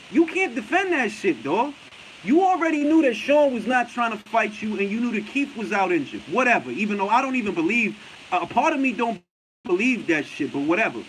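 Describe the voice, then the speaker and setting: A man's voice: high voice, slight background noise, rough recording. A man with a New York accent hosting a boxing talk show, talking bluntly and profanely and often laughing as he answers viewer comments.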